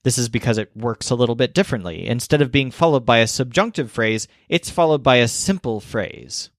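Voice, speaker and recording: A man narrating a scripted language lesson, explaining clearly and slowing down for example phrases. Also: medium pitch, animated, no room sound, studio quality. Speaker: language teacher.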